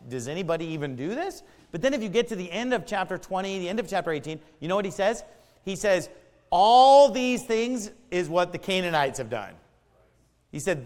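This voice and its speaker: A man in his forties preaching a sermon, emphatic and conversational, swinging between loud declarations and low asides. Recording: long reverb of a hall.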